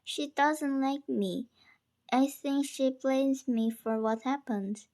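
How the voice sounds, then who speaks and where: A frightened, grieving schoolgirl pleads in hushed, sometimes whispered words, as a woman reads her part from a novel. The voice is slightly high and the pace is slow. It keeps the quiet feel of a book being read aloud. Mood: pleading.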